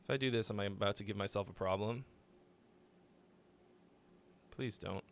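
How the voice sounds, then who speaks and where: A man's voice: lowish voice, normal speed. A young man hosting a live music-critique stream, chatting loosely, rambling and swearing freely. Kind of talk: casual live-stream chat.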